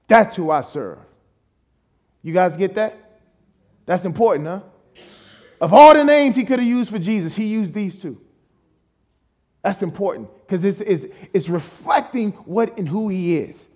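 Man, guest preacher, high voice, emphatic sermon, rhetorical questions, call and response. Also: animated, unhurried, long pauses.

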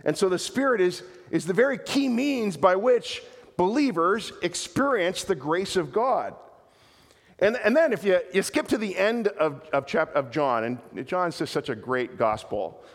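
A male pastor delivers a sermon in an earnest, animated way, repeating words as he restarts his phrases. His voice sits fairly high. Long reverb from the hall trails each phrase. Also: a little slow.

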